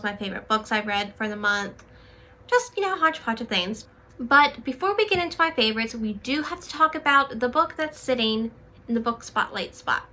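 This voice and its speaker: A woman's voice: fairly high pitch, pushed and bright. A young adult woman chatting casually about her monthly favorites on her channel, full of "like" and "um", a bit out of breath. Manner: chatty, filler-heavy with lots of "like" and "um". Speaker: book YouTuber.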